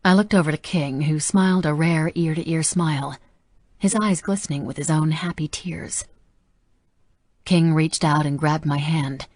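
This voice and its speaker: A woman narrating a romance audiobook softly and intimately. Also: sits low, a little slow, dry recording. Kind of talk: scripted narration.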